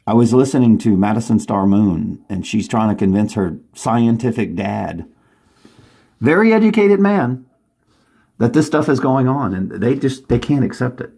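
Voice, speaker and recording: Speaking at normal speed in an expressive, mid-range voice that is gravelly, mellow, and husky, a vlogger rambles to camera from home. His monologue is urgent and agitated, and he frequently starts his sentences over.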